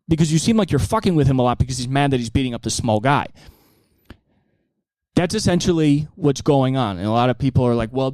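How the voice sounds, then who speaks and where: A man's voice: medium pitch, dry recording. A male comedian doing a profane stand-up monologue, jumping into acted-out voices. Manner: animated, profane, acts out many voices.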